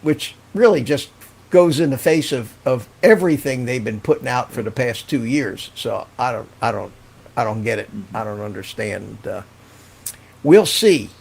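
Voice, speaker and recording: Older man with a gravelly, husky voice. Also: medium pitch, animated, normal speed. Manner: rambling, chatty, laughs often, reads out viewer comments. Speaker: live-stream host. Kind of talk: casual live-stream chat.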